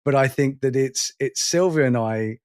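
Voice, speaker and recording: A man's voice: mid-range voice, a little mellow. A man in his forties co-hosting a podcast, chatting casually and rambling with self-deprecating jokes. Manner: rambling, self-deprecating, quick to laugh and quote lines. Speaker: podcast co-host. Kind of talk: casual chat.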